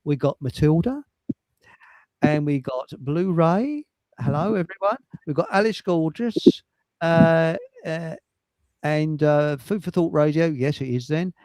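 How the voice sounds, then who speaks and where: A man's voice: on the high side, lively intonation, measured pace, darkish tone, no echo, rough recording. A man hosting a livestream chat show, rambling and cheeky, swearing and laughing at his own jokes. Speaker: livestream host. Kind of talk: casual chat.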